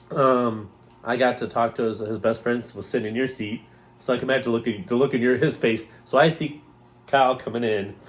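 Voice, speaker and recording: Rambling low-voiced man telling stories. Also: a little hiss or hum. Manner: rambling, animated, quick to mimic others' voices. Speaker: podcast co-host. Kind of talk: casual storytelling chat.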